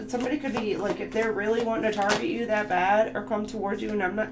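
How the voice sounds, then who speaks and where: A woman gives a livestream tarot reading in a chatty, emphatic way, blunt when she makes her points. Her voice sits at an ordinary pitch for a woman. The room rings with echo, and music plays behind her. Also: fairly even intonation, fairly quick. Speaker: tarot reader. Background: background music.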